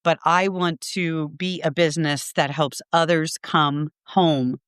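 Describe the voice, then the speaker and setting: A middle-aged woman talking as a podcast guest, sharing a personal story earnestly and from the heart. Her voice is lowish and smooth, and the sound is dry and close. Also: steady tone, takes it slowly, dry recording. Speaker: podcast guest, Reiki teacher.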